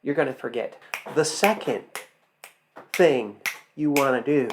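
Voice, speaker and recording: Male acting coach, mid-pitched and emphatic, quizzes his viewers and answers himself. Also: measured pace, background noise. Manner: emphatic, fires rhetorical questions and answers them. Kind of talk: instructional talk to camera.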